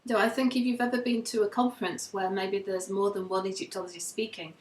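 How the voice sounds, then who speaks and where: A woman tutoring in Egyptology, speaking in a measured, plain-spoken way in casual teaching chat. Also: mid-range voice, fairly even intonation. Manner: measured, plain-spoken, reads names from a list. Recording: echoey room.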